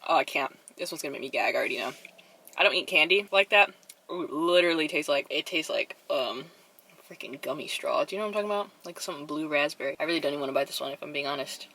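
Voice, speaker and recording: A young woman talks casually to the camera from inside her car. Her voice sits on the low side but sounds bright and sharp. Her delivery is chatty and animated, with dramatic flair. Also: fast talker. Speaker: vlogger. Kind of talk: casual chat.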